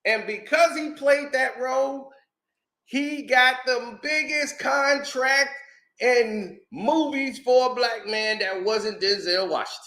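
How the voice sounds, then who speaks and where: High-voiced, animated storytelling man. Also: slow, reverberant. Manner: animated, acts out quotes, laughs often. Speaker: host. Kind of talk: casual storytelling commentary.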